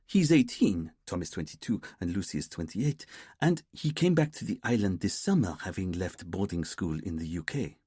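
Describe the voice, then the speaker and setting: A man voicing a sharp, quick female detective sergeant who briefs her boss from her notes. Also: low voice, very animated, husky, no room sound, clean studio sound, full character voice. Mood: briefing.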